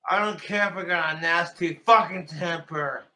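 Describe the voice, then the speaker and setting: A man ranting furiously, shouting and cursing in a recorded video clip. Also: on the high side, normal speed. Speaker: video creator in a played clip. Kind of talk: raging rant. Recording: loud noisy clip audio.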